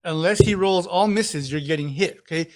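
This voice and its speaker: A man narrating a tabletop role-playing game as game master, animated and laughing often as he describes the action. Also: high-pitched, normal speed, crowd noise.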